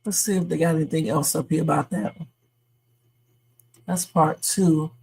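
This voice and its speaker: A woman's voice: low-pitched, fairly even intonation, normal speed, gravelly, a little mellow, breathy edge. A woman hosting a live stream, chatting casually and thinking aloud as she replays clips.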